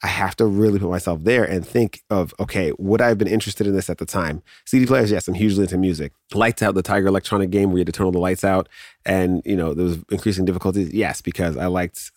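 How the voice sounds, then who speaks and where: A man in his thirties, with a lowish voice, hosts a podcast in a loose, rambling rant. He trips over his words and often restarts, then jumps high in pitch now and then. His close mic sounds dry, with no room around it. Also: dry recording. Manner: rambling, self-interrupting, animated with laughs and sudden pitch jumps. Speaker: podcast host. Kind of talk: casual nostalgic rant.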